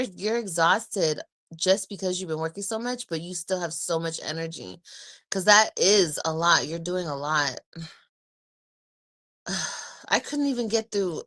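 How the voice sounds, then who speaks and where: A tired woman in her thirties chats to her livestream viewers, sighing often and dragging her words out slowly. The recording is close and dry, with no room sound. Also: fairly low pitch, fairly bright tone, no echo. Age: 30s. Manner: weary, sighing, drawn-out talk. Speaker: livestreaming vlogger. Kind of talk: casual livestream chat.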